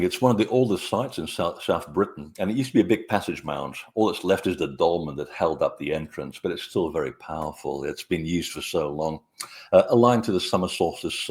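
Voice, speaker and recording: Man, very deep voice, middle-aged, interview guest, hesitant storytelling. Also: brisk, a little mellow. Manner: rambling, hesitant with frequent fillers. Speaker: author guest.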